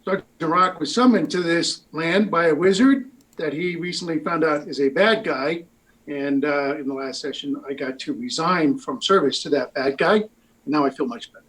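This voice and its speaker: A man introducing himself as a player in a tabletop game, speaking haltingly and repeating himself. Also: fairly high pitch, a bit bright, poor audio. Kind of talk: casual chat on a live stream.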